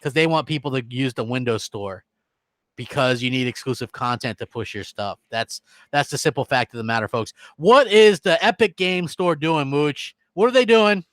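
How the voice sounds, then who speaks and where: A man's voice: medium pitch, expressive, moderate pace, fairly bright tone, dry recording. A man co-hosting a gaming podcast, ranting heatedly with rhetorical questions. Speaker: podcast co-host.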